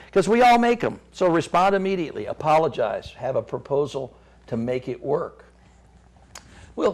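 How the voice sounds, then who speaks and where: A man's voice: on the high side, creaky, husky. A middle-aged man, a chamber of commerce guest on a talk show, gives folksy business advice with frequent restarts and repeated words.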